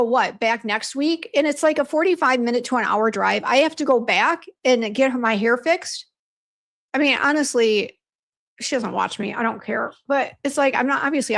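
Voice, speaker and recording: A woman's voice: high-pitched, normal speed, fairly bright tone. A woman chatting casually on a livestream, venting about a bad hair appointment while greeting viewers by name, with many fillers and restarts. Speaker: beauty brand owner hosting a livestream. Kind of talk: casual livestream chat reading viewer comments.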